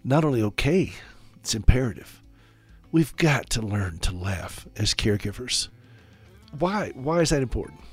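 A man from South Carolina hosting a radio talk show, speaking straight to his listeners with sarcastic, animated humor. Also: medium pitch, normal speed, breathy edge, faint music behind. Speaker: radio host.

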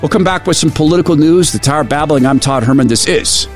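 A middle-aged male radio host telling a personal story in an animated way, often restarting his sentences. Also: a little high, fast, soft background music. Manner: animated retelling with repeated restarts. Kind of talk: storytelling monologue.

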